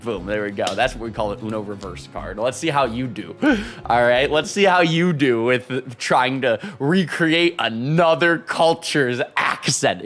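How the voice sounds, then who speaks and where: A man live-streaming, chatting casually with his viewers and reading out super chats, excitable and quick to laugh. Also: mid-range voice. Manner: excitable, laughs often, loud shout-outs.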